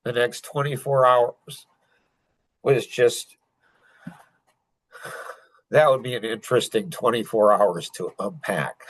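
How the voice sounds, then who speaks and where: Older man, halting emotional retelling. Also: mid-range voice, steady tone, no room sound, poor audio. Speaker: podcast guest. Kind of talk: personal storytelling.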